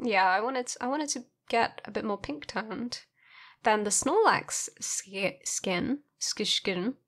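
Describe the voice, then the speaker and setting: A woman's voice: mid-range voice, a bit bright. A woman narrating her painting in a casual voice-over, playful and self-mocking, sleepy from having just woken up.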